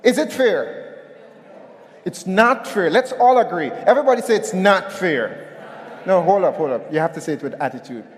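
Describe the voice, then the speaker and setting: A man's voice: high voice, fairly quick, big-room sound. A man giving a motivational keynote at a conference, telling a story and calling on the audience to respond. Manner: animated, storytelling, calls on the audience. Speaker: keynote speaker. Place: hotel conference hall.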